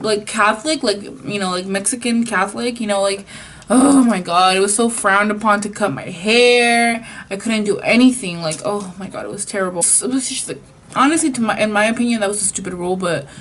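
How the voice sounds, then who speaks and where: A woman's voice: mid-range voice, slight background noise. A young adult woman vlogger telling a casual story in a chatty way, full of "like" and the odd Spanish phrase. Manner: chatty, filler-heavy with frequent "like", Spanish phrases.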